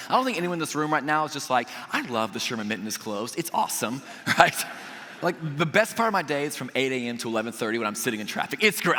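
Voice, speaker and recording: A man preaching a sermon, telling a personal story in an animated way, acting out the voices he quotes and adding jokey asides. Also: a little high, long reverb tail. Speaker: pastor. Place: church auditorium.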